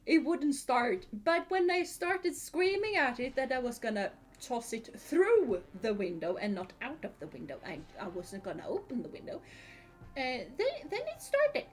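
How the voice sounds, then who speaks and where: A woman's voice: sits high, big pitch swings, moderate pace. A woman from Sweden, streaming a game in casual chat, giggling often and answering comments from chat.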